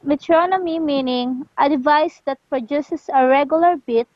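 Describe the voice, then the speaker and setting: A woman learning English, reading a lesson text aloud carefully and slowly, with small stumbles. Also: high-pitched, dry recording, lo-fi sound.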